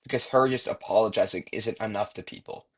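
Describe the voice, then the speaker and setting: A young man rambling through casual online commentary, swearing freely and filling pauses with "like" and "um.". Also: on the low side, slightly rough. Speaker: commentary YouTuber.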